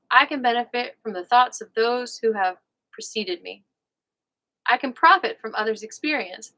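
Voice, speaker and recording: A woman from New York reading a nonfiction book aloud on a livestream, unhurried and leaning on her words. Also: on the high side, fairly bright tone, low-quality recording. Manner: unhurried, leaning on words, breaks off for playful asides.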